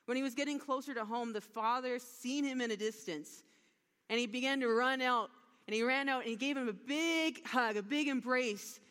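Woman preacher, a bit high voice, animated storytelling, long hall echo. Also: moderate pace. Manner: animated storytelling with acted-out dialogue. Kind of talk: sermon retelling a parable.

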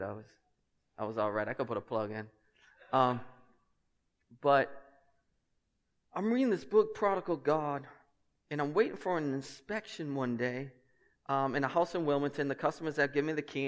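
A man preaching a sermon as pastor, passionate and emphatic, with conversational asides to his congregation. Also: a bit bright. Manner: passionate, emphatic preaching that climbs in pitch and volume. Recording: long hall reverb.

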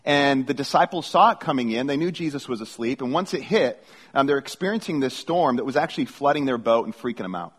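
A man's voice: medium pitch, animated, fast talker, husky. A middle-aged man preaching a sermon as a pastor, reading scripture and telling stories casually, often restarting his phrases. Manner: conversational storytelling with repeated restarts. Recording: long hall reverb.

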